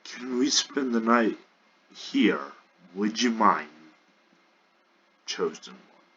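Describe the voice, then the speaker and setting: A man voicing a gruff male orc leader who is blunt but quick to apologize, speaking in halting bursts. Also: lowish voice, expressive, sharp tone, dull audio, slight background noise, exaggerated voice. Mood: friendly.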